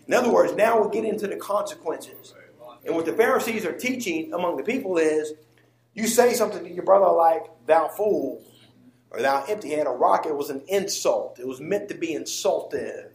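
A man delivers a sermon in a high, ringing voice. He swings from quiet asides to emphatic, near-shouted lines. The recording carries a roomy church echo. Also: animated, normal speed. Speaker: preacher.

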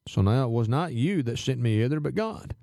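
A man teaching verse by verse from scripture, reading passages aloud and then explaining them in a measured way. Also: mid-range voice, lively intonation, gravelly, mellow, no room sound, studio quality. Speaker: Bible teacher.

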